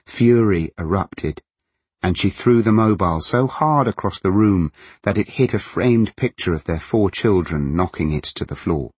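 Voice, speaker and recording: Deep, husky male audiobook narrator. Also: lively intonation, normal speed, a little mellow, no room sound. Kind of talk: scripted novel narration.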